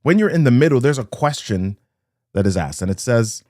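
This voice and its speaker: A man's voice: medium pitch, expressive, fairly quick, a little mellow, no room sound, studio quality. A man giving a live motivational talk to online viewers. He speaks in rhythmic phrases, repeats key lines and greets viewers by name.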